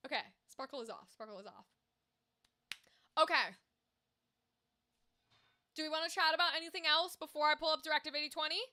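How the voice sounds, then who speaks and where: A woman's voice: sits high, brisk, pauses often, pushed and bright. An American woman streamer chatting casually and animatedly on a livestream, reading out viewer comments and swearing freely.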